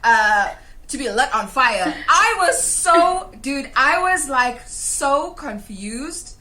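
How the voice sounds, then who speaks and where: A young South African woman co-hosting a podcast, telling a story in casual chat, animated, swearing freely and laughing as she goes. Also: high-pitched, takes it slowly. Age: young adult. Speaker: podcast co-host.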